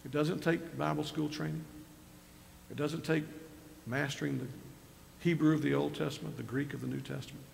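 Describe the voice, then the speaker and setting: Older male pastor, gravelly, conversational sermon delivery in a reverberant church hall. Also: on the high side, steady tone, normal speed, slight background noise. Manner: conversational preaching, retells scripture with rising emphasis. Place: church sanctuary.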